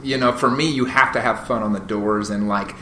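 A man, a guest on a podcast, telling stories in a casual, animated way with many fillers and restarts. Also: on the low side, brisk, crowd noise. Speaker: podcast guest, real estate agent. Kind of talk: casual interview storytelling. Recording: roomy echo, faint noise.

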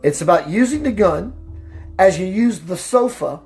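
A man hosting a spiritual talk radio show, preaching emphatically, slowing down for emphasis and greeting listeners by name. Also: animated, soft background music. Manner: slows down for emphasis, voice dips low and quiet.

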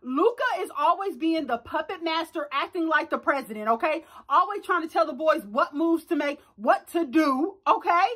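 Super high bright-voiced woman doing a reality tv recap, loud reactions, slangy, acts out the dialogue. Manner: animated, swings between loud exclamations and quick asides; slangy, playful reenactments of dialogue. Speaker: reality show recap vlogger. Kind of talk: casual reaction chat to camera.

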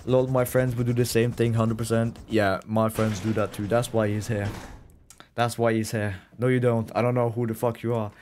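A man's voice: mid-range voice, little pitch movement, moderate pace, darkish tone. Swearing young man streaming a game. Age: young adult. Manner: swears often, laughs and reacts while reading chat. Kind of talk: casual live gaming stream chat. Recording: game gunfire and vehicle noise behind.

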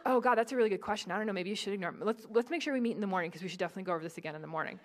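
A woman's voice: mid-range voice, a little hiss or hum, voice pushed down, natural voice. A woman doing an eager teenage best friend. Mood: reassuring. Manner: quick, hushed, reassuring gossip.

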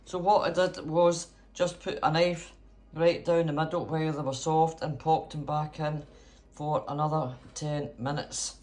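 Chatty man with a higher voice. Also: little pitch movement, a little slow, a little mellow. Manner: chatty and theatrical, with cheery exclamations. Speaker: cooking vlogger. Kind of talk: casual home cooking chat. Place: home kitchen.

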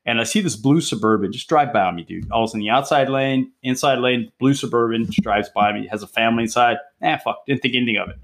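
Podcast guest: a middle-pitched cop in his forties, excitable, cursing through his war stories. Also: quick pace, few pauses. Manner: profane, excitable, peppers talk with "bro" and "dude". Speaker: guest, police drug interdiction officer. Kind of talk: casual storytelling chat.

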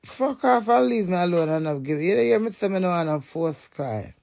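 A middle-aged woman in a blunt, profane, animated casual rant to the camera. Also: lowish voice, a little fast, creaky, slight background noise.

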